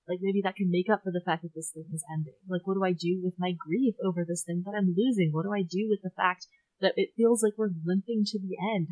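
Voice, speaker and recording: A woman co-hosting a podcast, recapping a story in animated casual chat, acting out quotes and laughing. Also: fairly low pitch, no echo, low-quality recording. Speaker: podcast co-host.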